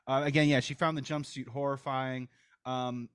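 A man's voice: mid-range voice, level tone, moderate pace, fairly bright tone, clean tone, no room sound. Dry-voiced man hosting a podcast. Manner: recaps trivia in a storytelling way, hands off to guests. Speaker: podcast host. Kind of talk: casual chat.

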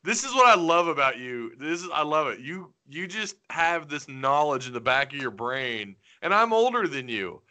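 A man from Arkansas with a mild Arkansas accent, hosting a casual sports podcast in an animated, joking way. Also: fairly high pitch, moderate pace, hardly any pauses. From Northwest Arkansas. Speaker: podcast host.

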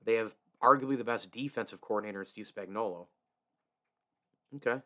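A man hosts his own sports show in a fairly low voice. He talks in an opinionated, emphatic way. He often stumbles over restarts and chuckles to himself. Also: moderate pace, bright, forceful tone. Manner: reads host-read ads. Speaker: sports podcast host. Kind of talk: solo sports talk.

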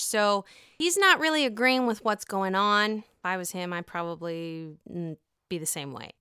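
A woman's voice: medium pitch, measured pace, sharp tone, smooth, dry recording, studio quality. A woman hosting a casual, profane podcast recap of a reality show, acting out the lines of the people in it. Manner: chatty, profane, acts out quotes.

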